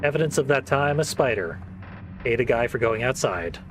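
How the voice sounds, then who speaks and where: A man's voice: mid-range voice, expressive, moderate pace, noisy background. A man hosting a let's play, giving casual, wry commentary and laughing often.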